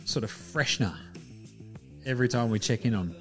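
A man's voice: medium pitch, a little fast, fairly bright tone, faint music behind. A man hosting a basketball show in casual solo commentary, loose and chatty, with the odd swear word. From Australia. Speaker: basketball podcast host.

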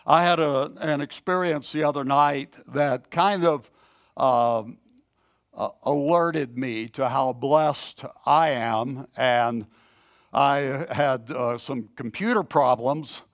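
A man preaching a sermon in a slow, halting, conversational way, clearing his throat often and telling a self-deprecating story. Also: medium pitch, no echo, studio quality. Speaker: pastor.

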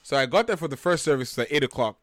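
A young man from Nigeria with a Nigerian accent, telling stories in a lively, joking way as a podcast co-host. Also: mid-range voice, fast talker, dry recording. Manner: animated, jokey, acts out quotes. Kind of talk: casual chat, storytelling.

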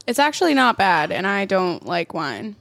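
A woman's voice: mid-range voice, big pitch swings, normal speed, vocal fry, a bit bright, no echo, clean studio sound. A young woman co-hosting a casual chat, laid-back and giggly, swearing freely. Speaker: podcast co-host.

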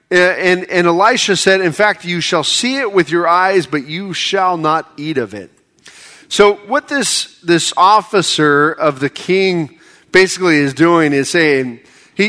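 With a high-pitched, sharp voice at a measured pace, a middle-aged American pastor delivers his sermon conversationally, letting joking asides build to impassioned appeals.

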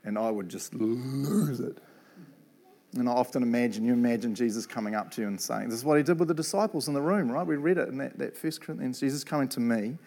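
A middle-aged man with a New Zealand accent delivers a sermon in a loose, conversational way. His voice sits at an ordinary medium pitch, and he keeps tagging on "eh" and "right". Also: quick pace, darkish tone. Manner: casual and chatty, lots of "eh" and "right". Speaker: preacher and Bible college principal.

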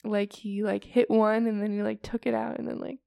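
A woman's voice: mid-range voice, little pitch movement, a little fast, creaky, mellow, dry recording, clean studio sound. A tired woman co-hosting a podcast, telling a story in casual chat with lots of "like" and "um".

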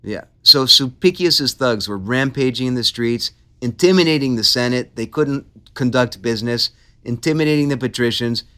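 A man hosting a casual history podcast, telling the story with animated, playful asides. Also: medium pitch, moderate pace, smooth. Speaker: podcast host.

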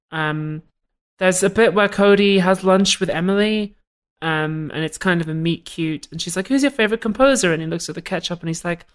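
Wry, lower-voiced woman recapping. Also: brisk. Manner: wry, deadpan plot retelling. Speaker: podcast co-host. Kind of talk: casual comedic film recap.

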